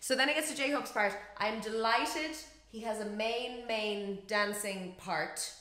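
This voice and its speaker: A woman chattily reacting to and breaking down a dance routine, often laughing and shrieking with excitement. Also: fairly high pitch, unhurried. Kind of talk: casual reaction commentary. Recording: roomy echo with faint music behind.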